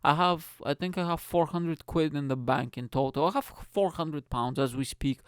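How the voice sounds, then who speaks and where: A man's voice: on the high side, normal speed, clean tone, dry recording, clean studio sound. A young man hosting a podcast, ranting in a rambling comic monologue, swearing and laughing at his own jokes. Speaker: podcast host.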